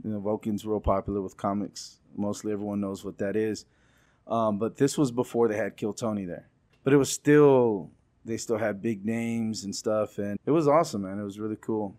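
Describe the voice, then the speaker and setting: A man's voice: on the low side, moderate pace. A male comedian and show producer telling stories in a casual interview, acting out what other people said. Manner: lively storyteller who acts out quoted dialogue.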